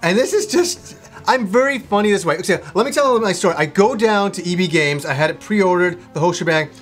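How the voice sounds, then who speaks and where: A man in his thirties, co-hosting a casual chat, telling a story with animated, profane energy and frequent laughter. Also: high voice, fast talker, faint music behind. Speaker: co-host.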